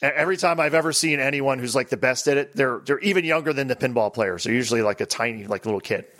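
A man's voice: mid-range voice, quick pace, fairly bright tone. A man hosting a podcast, chatting casually, prompting his co-host and teasing.

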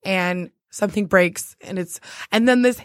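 A hoarse woman chatting casually as a co-host, telling stories in an animated way, acting out scenes and laughing often. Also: mid-range voice, a little slow, no echo, studio quality. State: hoarse from lack of sleep. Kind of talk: casual chat.

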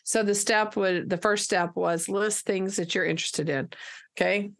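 A woman teacher telling a lively classroom story in casual conversation, acting out the dialogue as she goes. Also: medium pitch, moderate pace.

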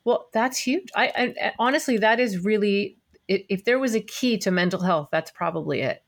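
A woman's voice: medium pitch, normal speed. A woman hosting a podcast, chatting casually, enthusiastic and affirming, talking in long run-on thoughts. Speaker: podcast host. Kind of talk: casual interview chat.

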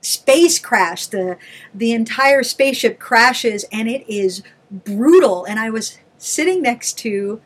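A woman's voice: a little high, takes it slowly. A woman co-hosting a casual chat show, telling stories with lots of energy and frequent laughter. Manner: animated storyteller, laughs often. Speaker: podcast co-host.

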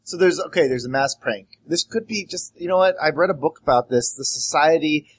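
A man's voice: a little high, a little fast, breathy edge. A man in a tabletop role-play, rambling playfully and switching between narration and his character. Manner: rambling, playful, frequent restarts. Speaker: player.

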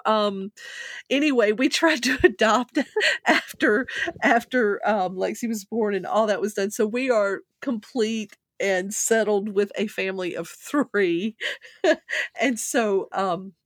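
A woman's voice: medium pitch, dry recording, studio quality. A middle-aged woman, rambling through a personal story as a guest. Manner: rambling, animated when telling a funny story. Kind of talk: casual storytelling.

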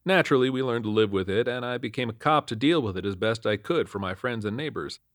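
A man narrating a first-person horror story in a deadpan, matter-of-fact way on a close mic. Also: mid-range voice, fast, no echo.

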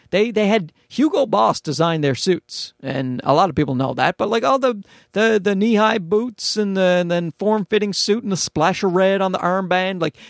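A man's voice: sits high, vocal fry, no echo, studio quality. A young man hosting a podcast alone, rambling and swearing in a self-mocking, casual monologue. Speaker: podcast host. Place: small closet at home. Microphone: podcast microphone.

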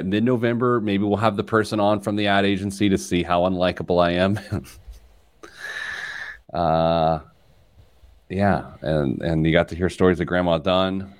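A low-pitched man hosts a personal finance radio show, captured in a dry recording. He's a financial planner and podcast host who keeps things casual, animated and jokey, often poking fun at himself.

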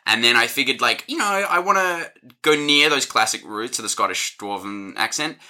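A man's voice: mid-range voice, animated, moderate pace, bright, forceful tone. A man narrating as game master of a tabletop game, playful and rambling.

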